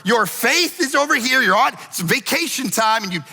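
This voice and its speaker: A male pastor giving an animated, storytelling sermon in a church, rising now and then to shouts. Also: very high voice, normal speed, creaky, slightly rough, in a large hall. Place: church auditorium.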